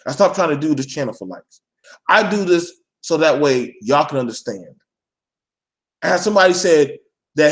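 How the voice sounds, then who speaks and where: A man with a high voice for a man, ranting live to his viewers. He is blunt, preachy and swears freely, hammering his point again and again like a street-corner lecture. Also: lively intonation, normal speed, long pauses, a bit bright. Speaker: vlogger addressing his viewers.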